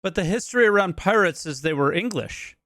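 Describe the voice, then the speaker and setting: Excitable man chiming in bluntly. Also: high-pitched, brisk, no room sound, clean studio sound. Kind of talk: casual chat.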